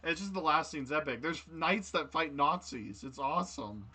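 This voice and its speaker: A man's voice: a little high, expressive, normal speed, sharp tone. A man hosting a loose, rambling improv chat with friends, laughing often. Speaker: host.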